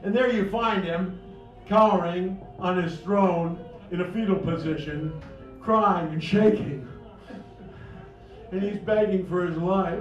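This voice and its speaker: A man telling a second-person fantasy story at a cafe open mic. He talks slowly and dramatically, swinging between hushed and loud. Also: sits high. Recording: echoey room, far mic, dull, music behind.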